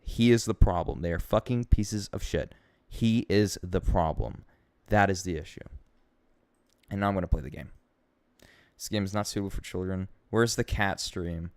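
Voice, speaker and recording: A young American man ranting in casual live-stream chat, swearing a lot and swinging between loud outbursts and low mutters. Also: moderate pace, dry recording. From United States. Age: young adult.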